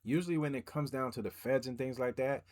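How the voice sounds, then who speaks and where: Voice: mid-range voice, fairly quick, a little mellow. Matter-of-fact reaction commentator. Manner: brief, matter-of-fact remarks.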